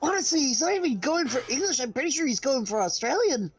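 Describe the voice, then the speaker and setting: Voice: high-pitched, animated, quick pace, faint music behind. A co-streamer with a nasal voice, chatting wryly over voice chat and swearing casually. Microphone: voice-chat microphone.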